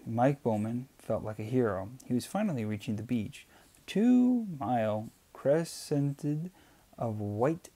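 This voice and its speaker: A man reading a novel aloud in a steady voice, with occasional slips and restarts. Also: mid-range voice. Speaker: amateur reader. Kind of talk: audiobook reading.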